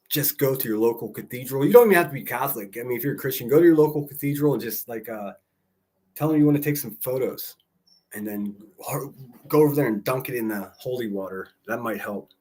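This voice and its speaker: A man's voice: mid-range voice, darkish tone. Rambling, profane Pittsburgh-man. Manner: rambling, profane, joking asides. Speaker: livestreamer. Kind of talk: casual livestream chat.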